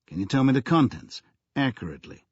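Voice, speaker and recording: A man's voice: mid-range voice, big pitch swings, quick pace, breathy edge, no echo, lo-fi sound, voice pushed up. A man voicing a skeptical male police lieutenant who asks terse, pressing questions.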